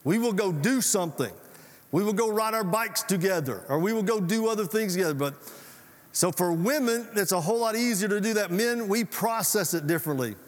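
A man preaching in a folksy, chatty way, throwing questions back at his congregation. His voice sits a little higher than most men's. The sound rings with the long reverb of a church hall. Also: animated, brisk. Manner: folksy, conversational preaching with audience call-outs. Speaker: pastor. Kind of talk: sermon.

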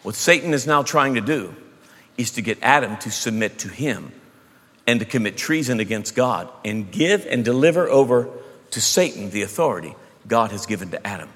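A man preaching a sermon, emphatic, moving between loud bursts and hushed asides. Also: medium pitch, lively intonation, moderate pace, breathy edge. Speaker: pastor. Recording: long hall reverb.

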